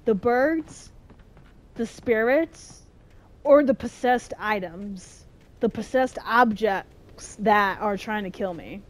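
A young adult woman hosting a gaming video, giving casual let's-play commentary and getting jumpy and loud at the game. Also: medium pitch, slow. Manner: excitable, yells at the game, jumpy.

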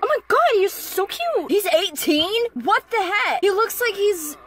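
Young female reaction vlogger, high lively voice, unhurried, excitable, prone to squeals and shouts. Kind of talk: casual reaction commentary.

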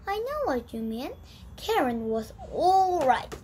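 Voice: sits high, big pitch swings, takes it slowly, darkish tone, slight background noise, poor audio. A child whose first language is Korean, reading an English storybook aloud and practising pronunciation, often stopping to repeat and correct words. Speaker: young English learner.

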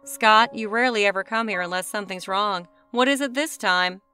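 A woman's voice: medium pitch, a little fast, pushed and bright, close to an everyday voice. Woman reading as Professor Simon, light and feathery. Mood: weary. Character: aging male literature professor, gentle and proud. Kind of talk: storybook reading.

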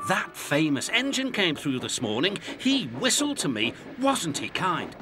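A man voicing a kind, soothing old male engine with a gentle manner. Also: on the high side, huge pitch swings, measured pace, over music, pitched above the performer's own voice, heavily acted. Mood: kindly.

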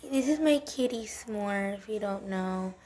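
A woman's voice: medium pitch, measured pace, a little mellow, a little hiss or hum. A woman vlogging at home with a handheld camera, chatting in a rambling way with lots of fillers as she shows her cats. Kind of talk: casual home vlog. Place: at home, walking between rooms.

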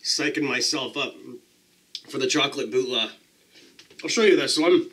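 A pepper-eating vlogger talks casually to the camera, chatty and self-deprecating, describing the burn as it builds. His voice is medium in pitch and fairly bright, at a normal speed.

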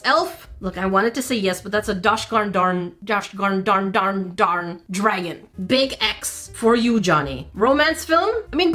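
A woman's voice: a little high, fairly bright tone. A woman, a former teacher, giving playful let's-play commentary, laughing often and scolding game characters. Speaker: gaming channel host.

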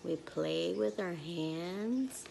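A young woman teaching preschoolers in a video lesson, speaking in a slow, sing-song, encouraging way and making animal sounds. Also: fairly low pitch, creaky, warm tone, slight background noise.

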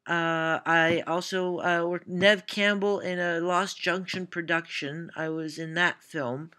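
A woman's voice: lowish voice, steady tone, takes it slowly, pushed and bright. A Canadian woman with a Canadian accent, answering viewer questions in a casual vlog, rambling through anecdotes with lots of "uh" fillers and self-deprecating asides. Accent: Canadian English. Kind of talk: casual Q&A storytelling.

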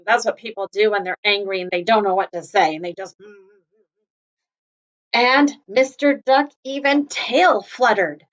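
A woman kindergarten teacher reading a picture book aloud to children, gently stopping to explain words. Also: mid-range voice, a little slow, dull audio.

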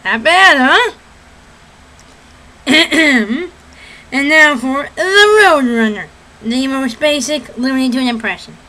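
A woman talks casually and laughs at her own attempts, poking fun at herself. Her voice is high and bright. She speaks at an unhurried pace. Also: animated, low-quality recording. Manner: giggly, self-deprecating. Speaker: vlogger doing impressions. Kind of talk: casual chat.

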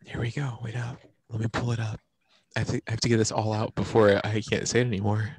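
A man's voice: on the low side, level tone, fast, a little mellow, slightly rough, dry recording. A man teaching an online class morning meeting in a playful, teasing, upbeat way.

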